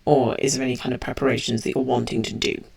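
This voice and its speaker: Woman gm with a really low gravelly voice, matter-of-fact. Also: little pitch movement, fast talker, a little mellow. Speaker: game master. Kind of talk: running a tabletop game.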